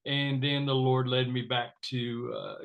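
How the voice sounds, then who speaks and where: A man's voice: medium pitch, flat delivery, unhurried, a bit bright, rough recording. Gracious older West Texas man. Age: 60s. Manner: earnest, folksy and gracious. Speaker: guest. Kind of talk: casual interview conversation.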